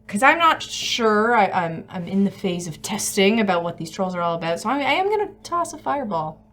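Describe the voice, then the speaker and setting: A woman playing a tabletop role-playing game, talking hesitantly with many pauses and fillers. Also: mid-range voice, sing-song, fairly bright tone. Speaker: player.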